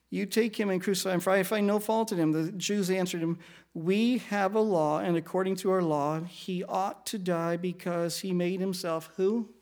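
Male preacher with a high voice, reads scripture then unpacks it, poses questions to the listeners, acts out the speakers. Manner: acts out the speakers in quotes with shifting pace and loudness. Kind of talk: sermon, verse-by-verse Bible teaching.

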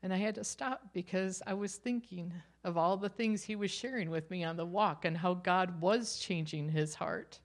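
A woman's voice: on the low side, normal speed, hardly any pauses. A middle-aged woman sharing her faith testimony, earnest and personal. She tells it like a story and often laughs lightly between thoughts.

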